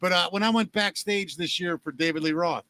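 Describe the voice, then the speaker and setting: Bright, animated male podcast host. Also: sits high, a little fast. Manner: animated storyteller, swears freely. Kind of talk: casual chat.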